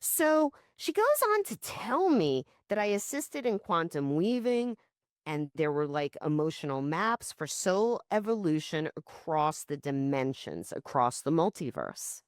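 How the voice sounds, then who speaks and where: A woman co-hosting a podcast, telling stories in animated casual chat and swearing offhandedly. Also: low-pitched, measured pace, no echo, studio quality. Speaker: podcast co-host.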